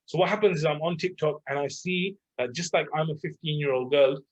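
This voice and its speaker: A man's voice: fairly high pitch, fairly quick. A man in his thirties, a life coach, talking casually and filling his speech with "like" and "right?". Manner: conversational, full of "like" and "right?". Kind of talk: casual chat. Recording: dull lo-fi sound.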